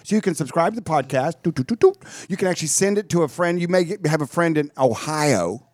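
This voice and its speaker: A man's voice: fairly high pitch, expressive, fast, darkish tone, dry recording, clean studio sound. A man co-hosting a radio show, joking with goofy asides. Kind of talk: casual radio banter.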